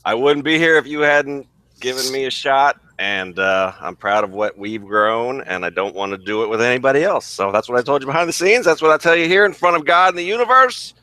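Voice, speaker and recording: A man's voice: mid-range voice, lively intonation, fairly quick, bright, forceful tone, clean tone, no room sound. A man co-hosting a casual wrestling review podcast, wry and easygoing. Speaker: podcast co-host.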